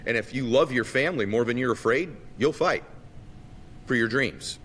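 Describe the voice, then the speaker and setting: A man from Massachusetts, a guest telling a childhood story animatedly and acting out the voices. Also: normal speed. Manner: animated storyteller who acts out quotes. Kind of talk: storytelling in a conversation. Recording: long reverb, faint rumble.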